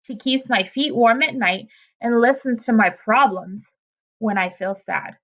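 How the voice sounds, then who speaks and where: A woman voicing a gentle, soft-spoken young troll boy in a storybook reading, on a dull lo-fi recording. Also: a little high, measured pace. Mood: tender.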